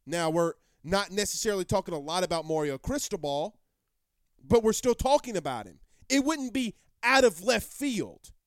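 A man's voice: sits high, animated, moderate pace, no echo, studio quality. A man hosting a live sports talk show, brash and rambling, repeating himself as he answers viewer comments.

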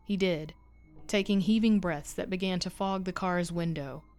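Low-voiced woman narrating a horror story. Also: darkish tone, clean tone, faint music behind. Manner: measured, suspenseful storytelling. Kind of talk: scripted narration.

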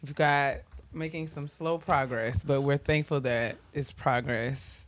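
Animated laughing podcast co-host. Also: medium pitch, measured pace, slight background noise. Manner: animated, laughs often, repeats words for fun. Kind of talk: casual chat.

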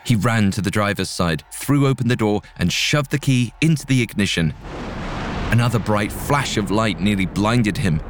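A man narrating a scripted story in a measured, dramatic way. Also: on the low side, expressive, slight background noise.

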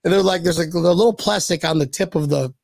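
High, gravelly American man. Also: fast talker, no room sound. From United States. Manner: rowdy, swearing, laughing storyteller. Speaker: podcast host. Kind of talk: casual podcast chat.

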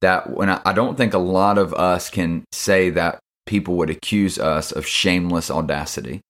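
A man's voice: low voice, normal speed, a bit bright. A young man hosting a casual devotional podcast, laid-back and slangy, with lots of fillers. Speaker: podcast host.

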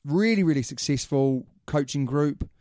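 A man co-hosting a casual sports podcast, talking fast and laughing often. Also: fairly high pitch, mellow, no room sound, clean studio sound. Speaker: podcast co-host.

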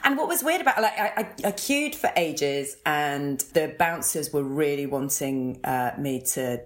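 A woman's voice: sits low, animated, unhurried. A woman guesting on a comedy podcast, chatty and laughing as she tells a story. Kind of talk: casual comic chat.

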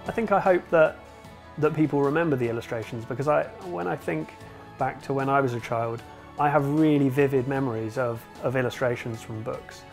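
A man's voice: mid-range voice, fairly quick, vocal fry, soft background music. A man, an illustrator, reflecting in a casual interview with frequent hesitations. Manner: hesitant, many fillers.

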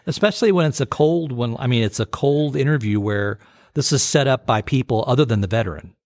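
A man's voice: mid-range voice, brisk, darkish tone, dry recording. Guy cohosting a podcast, rambly with lots of you knows, mid voice, dead dry mic. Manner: rambling, many fillers and restarts. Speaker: podcast co-host. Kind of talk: casual chat.

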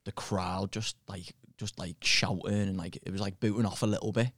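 A man's voice: deep voice, fairly even intonation, brisk, a bit bright, no room sound, clean studio sound. A male comedian telling rowdy gig stories on a podcast, laughing as he talks and swearing casually. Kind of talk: casual chat, storytelling.

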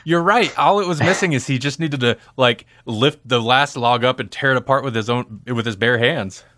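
A man's voice: medium pitch, moderate pace, fairly bright tone, no room sound, studio quality. A man hosting a podcast, chatting casually about movies in a rambling way and laughing easily. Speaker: podcast host. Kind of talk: casual movie-discussion chat.

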